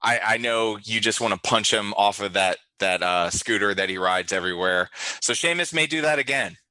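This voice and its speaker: A man hosting a casual podcast in a very sharp, forceful tone. He is blunt and opinionated. The recording is completely dry. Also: lowish voice, normal speed, dry recording, low-quality recording. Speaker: host.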